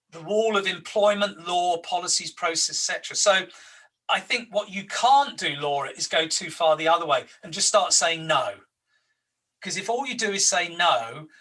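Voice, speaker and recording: A man's voice: high voice, sharp tone, distant mic, low-quality recording. A man in his sixties coaching an HR group, making his points through anecdotes and stressing them by repeating his words. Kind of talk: workshop facilitation with anecdotes.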